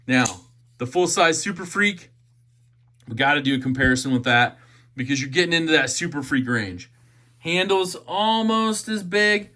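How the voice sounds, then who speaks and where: A man's voice: on the high side, bright, forceful tone. A man giving a chatty, enthusiastic knife unboxing review, often repeating his phrases.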